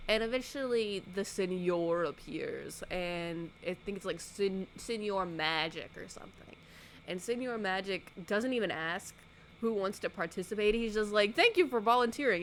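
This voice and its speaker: A woman YouTuber giving a sarcastic, animated casual recap of a movie, acting out the characters' lines. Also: fairly low pitch, a little hiss or hum.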